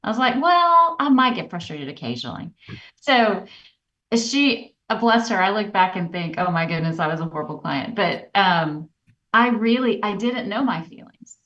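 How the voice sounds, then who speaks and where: A woman co-hosting a podcast, telling personal stories in an earnest, reflective way that turns animated. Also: mid-range voice, normal speed. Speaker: podcast co-host. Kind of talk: candid personal storytelling. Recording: dull, slightly distant podcast audio.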